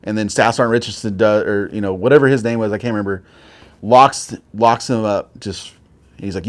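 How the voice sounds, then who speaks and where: A man in his forties with a lowish voice and moderate pace speaks as an interview guest. A military veteran, he tells war stories casually, rambling, swearing, and using plenty of filler words.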